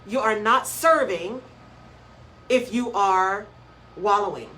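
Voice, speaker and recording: A woman's voice: medium pitch, slow, sharp tone, a little hiss or hum, poor audio. A woman hosting a live motivational radio talk show, speaking emphatically and repeating key phrases in a preaching rhythm, greeting listeners by name as she goes.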